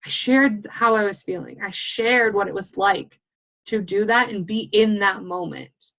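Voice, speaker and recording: A young woman giving a blunt, fast and animated motivational talk as a guest speaker on a team call, swearing casually. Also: medium pitch, vocal fry.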